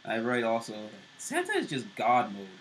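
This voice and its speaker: A man casually walks through the plot of two TV episodes, full of "uh" and "basically." His voice is bright and forceful at an everyday pitch. A faint hiss sits under the recording. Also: huge pitch swings, moderate pace, rough recording. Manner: recaps plot loosely, many fillers and restarts. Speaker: show co-host.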